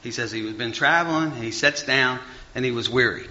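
A male preacher delivers a loose, conversational sermon full of restarts and asides. His voice is bright and forceful, and it swings from raised emphasis down to quiet murmurs. The dull, lo-fi recording softens the top end. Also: brisk. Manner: rambling, full of fillers and restarts, big swings in pitch and volume.

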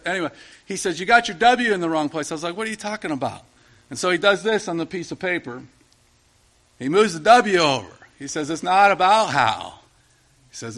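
A man's voice: high-pitched, sharp tone. A middle-aged man preaching a sermon in a conversational way, asking the listeners question after question.

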